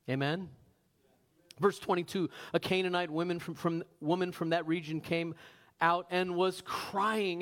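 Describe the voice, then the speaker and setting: A man preaching a sermon as pastor, animated, asking the congregation rhetorical questions and slowing down for emphasis. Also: high-pitched. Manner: varies pace, slows for emphasis.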